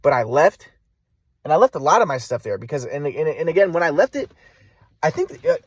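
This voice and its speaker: A man recounting a personal story on camera, his voice a little high for a man and swinging widely in pitch. His delivery rambles and doubles back, yet stays emphatic, and the recording is dry and close with no room sound. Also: sing-song, fairly quick, breathy edge, dry recording. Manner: rambling, emphatic, repeats himself. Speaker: vlogger.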